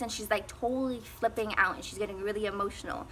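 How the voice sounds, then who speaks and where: Teen girl rambling thru a storytime, lots of likes, bright voice, bit of background hiss. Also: mid-range voice, fairly even intonation, quick pace. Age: teens. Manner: rambling, filler-heavy, laughs often. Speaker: vlogger. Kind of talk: casual storytime chat.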